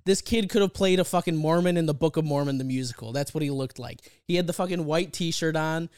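A man's voice: on the high side, a little fast, darkish tone, smooth, no echo, clean studio sound. A man co-hosting a podcast, telling stories in a casual chat and laughing as he goes. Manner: laughs through his own stories, jokey. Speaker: podcast co-host.

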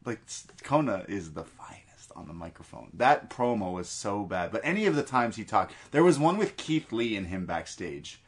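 Male podcast co-host, low register, blunt and profane, easy laugh. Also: big pitch swings, normal speed, slightly rough. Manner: blunt, swears freely, laughs often. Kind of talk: casual chat.

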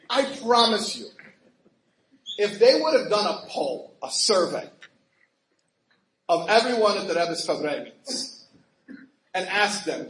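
A man telling a story in an animated, laughing way, acting out quoted voices with big jumps in pitch. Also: unhurried, pauses often. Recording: roomy echo with faint ambient noise.

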